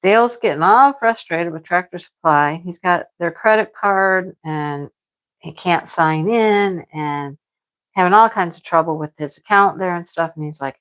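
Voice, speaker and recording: A woman's voice: fairly low pitch, a little slow, fairly bright tone, poor audio. A middle-aged woman chatting casually to her viewers about her crochet projects, rambling and repeating herself. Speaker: crochet vlogger.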